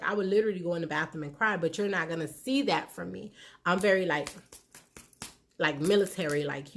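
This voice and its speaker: This is a candid personal talk from a relationship-advice vlogger, a woman in her thirties speaking frankly and conversationally to viewers about her marriage while acting out what people told her. Her voice runs low with a fairly bright tone.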